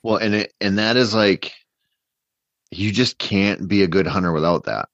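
A man with a fairly low voice tells a long story in a loose, rambling podcast chat. He is animated and talks with many fillers and restarts. His voice comes through a dull, dry mic with little room sound. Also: normal speed, dry recording. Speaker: podcast guest hunter.

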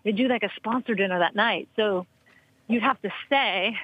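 A woman guest on a podcast, telling lively stories in casual chat and acting out the quotes. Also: moderate pace, slightly rough, no echo, muffled recording. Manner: animated, acts out quotes with big pitch jumps. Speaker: podcast guest, former soccer player.

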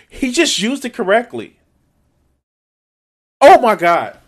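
A man reacts to a clip with exasperated, sarcastic commentary and plenty of swearing. His voice sits high and swings widely in pitch. He keeps stopping to mock what he hears. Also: wildly swooping pitch, slow.

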